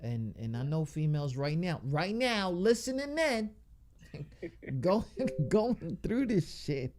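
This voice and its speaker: A man's voice: fairly high pitch, sing-song, takes it slowly, a little mellow, slight background noise. A man hosting a casual radio interview, talking loosely with slang, frequent laughs and restarted sentences. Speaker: radio show host.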